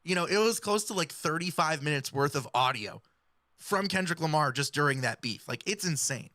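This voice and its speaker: A man's voice: a little high, lively intonation, normal speed, pushed and bright, no room sound, clean studio sound. A man giving earnest, explanatory hip-hop commentary and breaking down lyrics. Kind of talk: analytical commentary.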